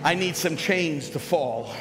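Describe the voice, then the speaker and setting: A man's voice: on the high side, measured pace. An older man, a pastor, preaching a sermon in a conversational, storytelling way at a live conference, on a stage microphone. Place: large conference hall. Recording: live hall reverb with music behind. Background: music.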